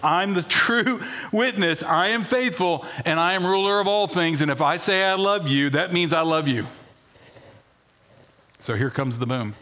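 A man preaching a sermon as pastor, animated, dropping to a hush and rising loud, asking the congregation questions. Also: fairly high pitch, unhurried. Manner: animated, swings from hushed to loud.

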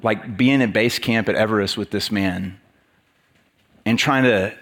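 A man's voice: on the low side, unhurried, a bit bright. Guy preaching casually, chatty sermon, lots of likes and restarts. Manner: conversational, with many fillers and restarts.

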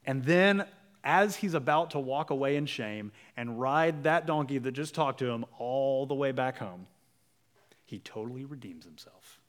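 A male pastor preaching a sermon in a conversational storytelling way, dropping to a hush for emphasis. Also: medium pitch, unhurried.

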